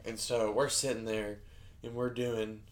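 A man's voice: on the low side, level tone, a little slow. A young man telling a rambling story in casual chat, stumbling over filler words. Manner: rambling, many fillers and restarts, laughing. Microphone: handheld microphone.

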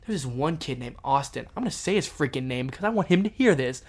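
A young man in casual chat, telling stories in an animated way with loud ranting bursts. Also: medium pitch, fast talker.

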